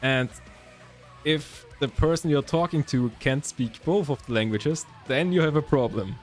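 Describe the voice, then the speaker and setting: This young man's voice sits fairly high and moves a little slowly, carrying a German accent as he chats with viewers on his stream. He's from Germany and rambles a lot, correcting himself repeatedly, while soft music plays underneath.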